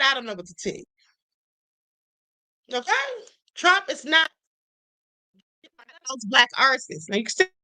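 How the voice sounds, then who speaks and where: A woman's voice: high-pitched, pushed and bright. A woman hosting a livestream show, giving sassy, emphatic commentary and calling viewers honey.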